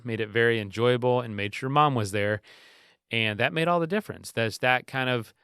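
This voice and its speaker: A man in his thirties hosts his podcast, chatting through a story in a relaxed, rambling way. His voice is bright and forceful, smooth and resonant, and it is recorded dry and close with no room echo. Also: mid-range voice. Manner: relaxed, rambling with frequent restarts. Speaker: podcast host. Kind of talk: casual storytelling monologue.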